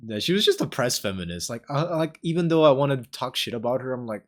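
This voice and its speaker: A man's voice: medium pitch, expressive, fast talker. A young man chatting casually as a podcast co-host, telling rambling stories full of swearing and acted-out quotes. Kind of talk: casual chat.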